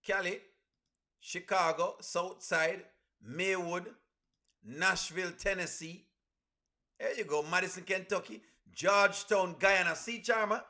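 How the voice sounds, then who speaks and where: Casting: chatty male live-stream host, high, bright voice, reading viewer comments aloud. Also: measured pace. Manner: reads viewer comments aloud, shouting out cities; chatty, addresses viewers as friends. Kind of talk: casual live stream chat.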